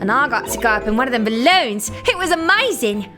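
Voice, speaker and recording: A woman's voice: fairly high pitch, sing-song, a little fast, over music. A woman voicing a chirpy, cocky female police inspector who talks brash and slangy.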